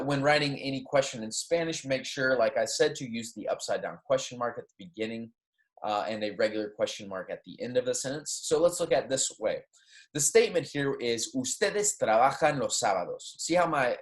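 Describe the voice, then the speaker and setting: Patient man teaching Spanish lessons. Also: mid-range voice. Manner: patient, explanatory, frequent "okay?" and "right?" check-ins; models Spanish example sentences with exaggerated intonation. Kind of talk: recorded classroom lecture.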